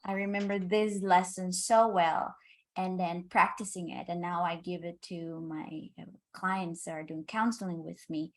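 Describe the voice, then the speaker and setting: A woman, a counselor and former student, sharing her experience with enthusiasm and becoming animated when she quotes her clients. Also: on the low side, unhurried. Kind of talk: conversational sharing.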